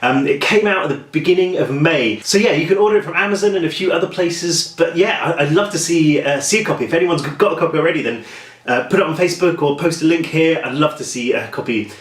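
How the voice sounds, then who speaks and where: A man's voice: a little high, fast talker, echoey room. A man with a British accent, chatting casually to camera in a self-deprecating, rambling way and telling stories to his viewers. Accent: British English. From England. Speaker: author vlogging. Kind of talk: casual vlog chat and storytelling.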